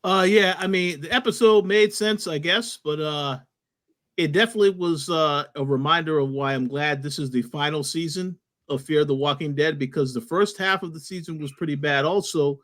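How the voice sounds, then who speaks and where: A man co-hosts a podcast in a calm, measured way. His voice sits a little higher than most men's, and he often pauses with small hesitations as he talks. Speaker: podcast co-host. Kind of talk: casual podcast discussion.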